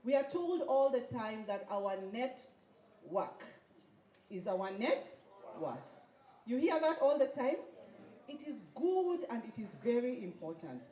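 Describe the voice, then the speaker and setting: Her voice is a little high and mellow, very animated yet slow-paced, as she speaks at a graduation and pulls the audience into call-and-response chants. The event hall echoes, with slight background noise.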